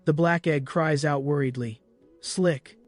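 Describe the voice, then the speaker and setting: A man narrating a comic recap in a brisk storytelling voice with small slips. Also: on the high side, a little mellow, no room sound, faint music behind.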